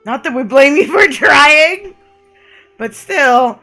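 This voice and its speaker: Bright-voiced woman streamer ranting. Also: sits high, expressive, slow pace, soft background music. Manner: reads game narration aloud, then rants and swears in frustration. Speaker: game streamer. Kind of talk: live gameplay commentary.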